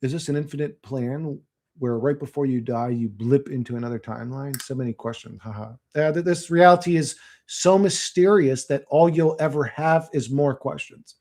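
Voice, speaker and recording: This young streamer speaks at a moderate pace in a medium-pitched, darkish voice while responding to chat. His livestream talk is a rambling, slangy, profane rant with bits of mocking mimicry.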